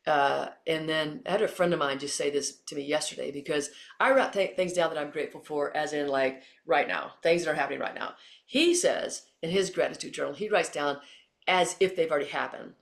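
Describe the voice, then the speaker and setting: A middle-aged woman from Texas, a former Olympian and coach, answering interview questions as an animated storyteller who acts out the quotes. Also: low-pitched, brisk, vocal fry.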